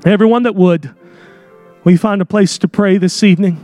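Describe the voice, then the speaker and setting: A man preaching a sermon in a church, speaking in an emphatic, impassioned way that swells into shouts, with direct, folksy wording. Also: sits high, fairly even intonation, a little fast, no echo, faint music behind. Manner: folksy, direct, with casual slang. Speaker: pastor. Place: church sanctuary.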